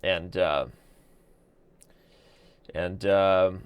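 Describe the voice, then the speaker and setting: A man's voice: low-pitched, steady tone, clean tone, no echo, muffled recording. A man hosting a chess live stream, rambling and joking as he signs off. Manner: rambling, joking, quick asides. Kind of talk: casual live-stream sign-off.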